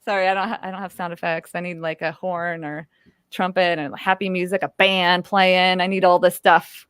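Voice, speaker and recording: A woman in her thirties from Northern California hosting a live-stream trivia game, playful and quick to break into silly squeaky voices. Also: little pitch movement, a bit bright, clean tone, dry recording, clean studio sound. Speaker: host.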